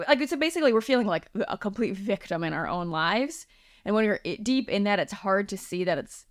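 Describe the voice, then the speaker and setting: A woman's voice: medium pitch, vocal fry, no room sound, clean studio sound. A woman hosting her own podcast, talking casually with lots of fillers and acted-out quotes. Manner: chatty and casual, many likes and ums, acts out quoted voices. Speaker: podcast host, healing practitioner. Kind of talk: solo podcast monologue.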